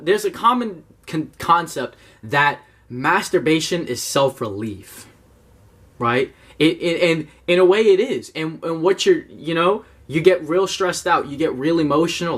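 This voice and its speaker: A young man giving blunt, profane advice to his viewers in a casual video talk. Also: a little high. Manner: blunt, profane, animated, talks straight to viewers. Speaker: self-help YouTuber.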